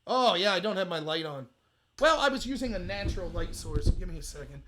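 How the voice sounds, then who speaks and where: A man hosting a political commentary show, reading out a hearing transcript with sarcastic, mocking remarks and bursts of loud outrage. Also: high-pitched, lively intonation, brisk. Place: home room lit by window.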